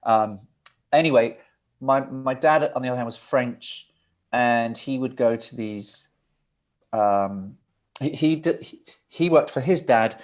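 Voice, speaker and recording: A middle-aged man from England speaks as an interview guest. He tells long, winding anecdotes, trips over his words and restarts sentences as he goes. His pitch sits in the middle range for a man. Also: unhurried, long pauses. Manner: rambling, anecdotal, frequent restarts. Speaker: guest, record producer. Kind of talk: casual interview storytelling.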